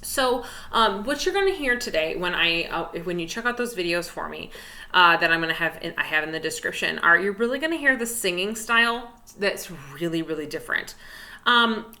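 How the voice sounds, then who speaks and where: A woman's voice: on the low side, pushed and bright. A young woman teaching an online music lesson to children, chatty and encouraging, with lots of fillers, at her desk. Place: indoors at a desk.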